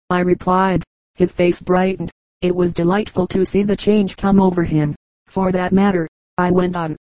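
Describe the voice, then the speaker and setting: A woman reading a travel memoir aloud as a volunteer audiobook narrator, in an even, unhurried way with light voicing of the dialogue. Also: medium pitch, no echo, poor audio. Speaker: audiobook reader. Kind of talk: scripted narration.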